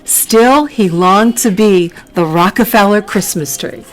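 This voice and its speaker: A woman's voice: mid-range voice, measured pace, poor audio. A woman author reading her children's book aloud, with chatty asides. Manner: chatty asides, laughs often.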